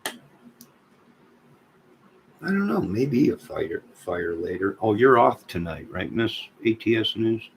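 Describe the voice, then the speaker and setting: A man with a low, gravelly voice rambles through a casual livestream chat, cracking deadpan jokes at his viewers. Faint noise hums under the recording. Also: slow pace, pauses often, rough recording. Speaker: livestream host.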